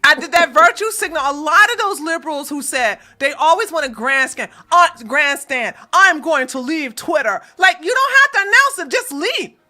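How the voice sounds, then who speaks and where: A woman's voice: high-pitched, very animated, moderate pace, hardly any pauses, pushed and bright. A woman co-hosting a casual political chat on a live stream, agreeable and wry, chiming in with emphatic asides.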